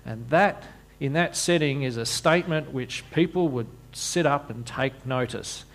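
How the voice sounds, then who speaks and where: A man's voice: mid-range voice, a little slow, vocal fry. A man preaching a sermon, often repeating words as he restarts and slipping in wry asides.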